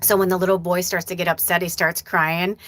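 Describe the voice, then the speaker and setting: A woman's voice: on the low side, flat delivery, brisk, fairly bright tone, no room sound. Rambling heartfelt middle-aged woman medium. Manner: rambling, heartfelt, many fillers. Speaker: medium hosting a live stream. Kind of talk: casual live-stream talk.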